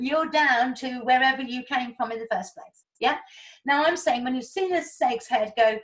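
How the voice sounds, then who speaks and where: Chatty woman, high voice. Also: rough recording. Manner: animated, chatty, explains with homely analogies. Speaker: spiritual guide. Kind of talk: casual spiritual talk.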